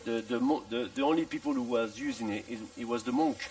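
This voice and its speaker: A middle-aged chef from France explains his dish at a festival demo, his speech full of restarts and repeated words and broken up by dry little jokes. His voice is heavily gravelly, with a pitch that rises and falls a lot. He stands back from the mic, so he sounds somewhat distant. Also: huge pitch swings, fast, noisy background. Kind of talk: live cooking demonstration. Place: festival demonstration tent.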